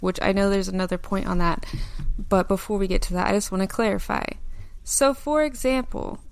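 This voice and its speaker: A woman co-hosting a podcast in casual chat, calmly explaining points and reading from notes. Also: medium pitch, creaky, no room sound. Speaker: podcast co-host.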